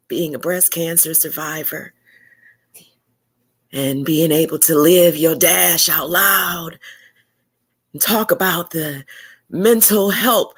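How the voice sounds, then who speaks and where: Low-voiced woman podcast host. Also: breathy edge. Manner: heartfelt, faith-filled encouragement. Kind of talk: podcast interview.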